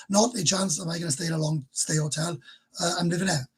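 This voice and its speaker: A husky, slightly high-voiced Welsh man in his fifties chats on a casual livestream. He rambles openly and emotionally, laughing between sentences. His voice sits a little above the usual range for a man. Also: fairly even intonation, quick pace. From Wales. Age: 50s. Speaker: livestream host. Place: bedroom.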